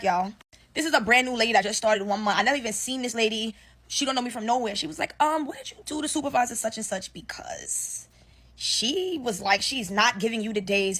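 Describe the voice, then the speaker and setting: A young woman rattles off a workplace story in a quick, animated rush, heavy on slang and swearing. Her voice sits a bit high for a woman, and she acts out the other people's lines as she goes. It sounds like a casual phone-recorded vent to the camera. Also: husky. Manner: animated, profane, slangy storytelling with acted-out quotes. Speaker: storyteller ranting about work. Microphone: phone selfie video.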